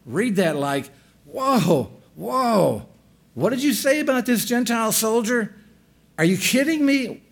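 A man preaching a sermon, asking the congregation rhetorical questions and repeating key phrases for emphasis. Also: a little high. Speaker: pastor.

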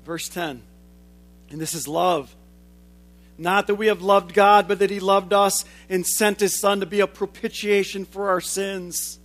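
A man in his forties delivers a sermon in a notably high voice. He drives some lines home loudly and drops others to a hush, working through his points with steady conviction. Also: moderate pace, hardly any pauses. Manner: swings from loud emphatic lines to hushed low ones. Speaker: preacher.

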